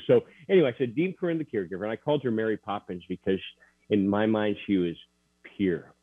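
A man recounting a personal story as an interview guest, earnest and halting, with many restarts. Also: fairly low pitch, no echo. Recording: tinny dry phone line.

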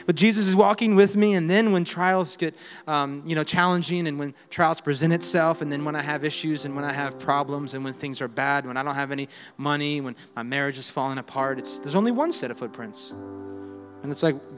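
A man's voice: a little high, brisk. Preaching man in a reverberant hall. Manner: call-and-response preaching with swings between loud exhortation and quiet reflection; conversational asides and humor. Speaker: pastor. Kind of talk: sermon. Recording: reverberant hall with faint music.

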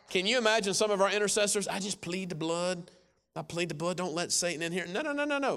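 Emphatic preacher man in his forties. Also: a little high. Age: 40s. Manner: emphatic, swings between loud urgency and hushed storytelling. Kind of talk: sermon.

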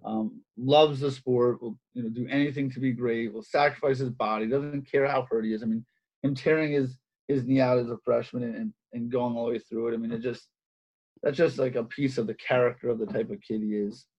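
Male wrestling coach, mid pitch, slightly husky, chatty and animated. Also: brisk. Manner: animated, repeats phrases, many fillers. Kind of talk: casual interview storytelling. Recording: dull lo-fi sound.

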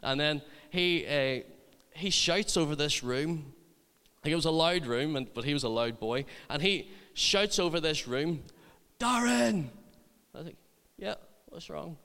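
A man's voice: fairly high pitch, measured pace, sharp tone, clear, resonant tone, in a large hall. A man, a youth ministry leader telling humorous stories in a sermon. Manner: humorous, chatty anecdotes. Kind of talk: sermon storytelling.

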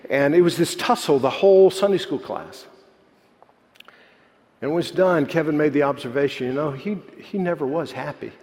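A man's voice: fairly high pitch, normal speed. Man preaching in a reverberant hall. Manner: animated preaching that drops to soft storytelling. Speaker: pastor. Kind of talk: sermon. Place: church sanctuary.

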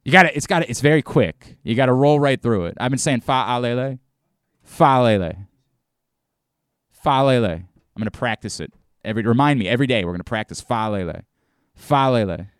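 A man's voice: mid-range voice, expressive, fast, no room sound, clean studio sound. A man hosting a sports radio show, talking emphatically and often stumbling over and repeating his words. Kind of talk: casual sports talk.

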